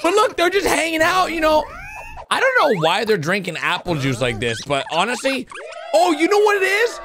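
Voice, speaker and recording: Excitable man shouting over cartoons. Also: very high-pitched, normal speed, background noise. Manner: excitable, big jumps into shouts and gasps. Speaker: gaming YouTuber. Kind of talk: reaction commentary on cartoon animations. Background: background music.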